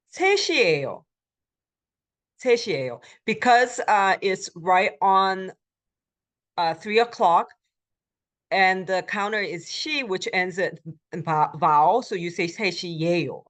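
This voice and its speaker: A woman lecturing as a Korean language instructor, explaining step by step with frequent ums and uhs and repeating phrases slowly for learners. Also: on the low side, fairly bright tone. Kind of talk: recorded college lecture.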